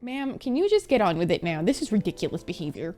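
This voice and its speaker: A woman's voice: medium pitch, big pitch swings, quick pace, mellow. A young woman from Egypt giving casual reaction commentary, exclaiming and talking back at the screen. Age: young adult. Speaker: anime reaction streamer. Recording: show music faintly behind.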